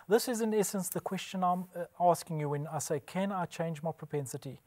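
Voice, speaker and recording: A man's voice: high-pitched, brisk, few pauses, darkish tone. A man giving a scripted religious presentation, emphatic, posing rhetorical questions and answering them himself. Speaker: Bible presenter.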